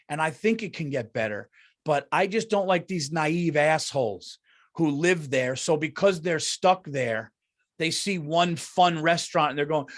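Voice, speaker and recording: Middle-aged New guy, podcast host, fired-up profane rant, voice sits a touch high. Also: normal speed. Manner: heated, profane, repetitive ranting. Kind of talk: casual comedy podcast rant.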